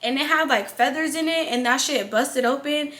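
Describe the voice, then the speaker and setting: A young woman telling a casual storytime vlog, blunt and profane, with animated delivery. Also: high-pitched, moderate pace. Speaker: vlogger.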